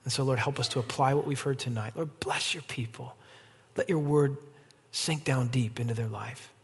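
A man preaching an evening sermon as pastor, animated and rising to emphatic peaks, then leading a closing prayer. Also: medium pitch, moderate pace, slightly rough. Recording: long hall reverb.

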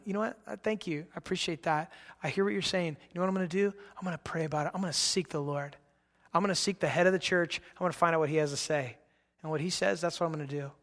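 A man preaching a sermon as pastor, animated and excitable, acting out biblical characters as he reads. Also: high-pitched, big-room sound.

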